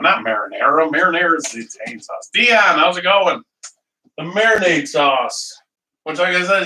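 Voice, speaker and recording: Chatting casually on a live cooking stream in his kitchen, a man with a fairly high, sharp voice rambles, laughs often and says hi to viewers by name. The echoey room and his distance from the mic come through, along with slight background noise.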